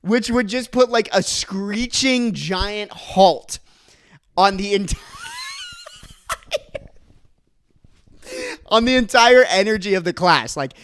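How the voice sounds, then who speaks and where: A young man telling a comic story as a podcast host, ranting with bursts of laughter and shouting. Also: high voice, sing-song, slow, long pauses. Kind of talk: comedic storytelling rant.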